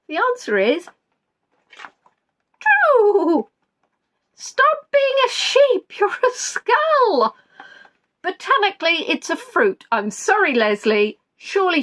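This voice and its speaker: A woman running a live-stream quiz with a lively, sing-song voice that swoops high and low. She talks at an unhurried pace, wanders off into jokey tangents and reads out viewers' answers. Her voice sits a little on the high side. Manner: playful, rambling, jokey asides, reading out viewers' answers.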